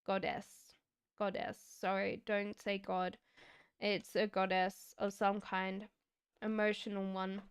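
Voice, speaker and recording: Slow, clear-voiced woman reading tarot. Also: medium pitch, flat delivery, no room sound, clean studio sound. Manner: slow, reflective, chatty with giggles. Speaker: tarot reader. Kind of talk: live-stream card reading.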